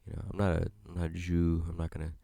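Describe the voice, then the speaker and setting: A man's voice: low voice, completely flat delivery, very fast, vocal fry, dark tone, no room sound. A young man hosting a solo podcast, rambling in a laid-back way and swearing freely. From United States. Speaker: podcast host. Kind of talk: solo casual podcast chat.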